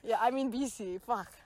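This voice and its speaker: A woman's voice: a little high, a little mellow. A young woman from Los Angeles co-hosting a podcast, chatting casually in a rambling, jokey way full of swearing. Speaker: podcast co-host. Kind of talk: casual chat.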